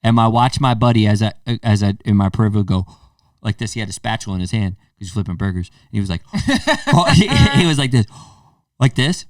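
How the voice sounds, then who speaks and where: A man's voice: fairly low pitch, fast talker, dry recording, clean studio sound, recorded from a distance. A man in his thirties hosting a podcast, telling a story casually and acting out the voices in it. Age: 30s. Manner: animated storyteller, acts out quotes. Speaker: podcast host.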